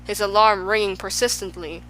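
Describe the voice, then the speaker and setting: Bright-voiced woman reading a storybook. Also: medium pitch, normal speed, slight background noise, rough recording. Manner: lively, expressive. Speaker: audiobook narrator.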